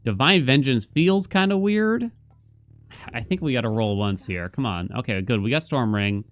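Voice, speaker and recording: A man's voice: mid-range voice, animated, moderate pace, soft background music. Chatty young man streaming a game. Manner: chatty, thinks aloud while playing. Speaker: gaming streamer. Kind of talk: casual gameplay commentary.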